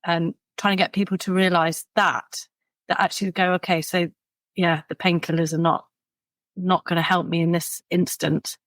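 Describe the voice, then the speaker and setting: A woman's voice: on the low side, moderate pace, no room sound. A woman, a podcast guest who tells stories vividly and acts out the people in them. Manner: animated storyteller who acts out quoted people. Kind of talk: podcast conversation.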